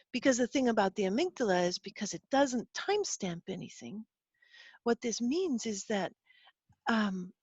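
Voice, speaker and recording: A woman as a guest expert in an interview, explaining and telling a personal story in an earnest, animated way. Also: on the high side, breathy edge, no echo, highs cut off.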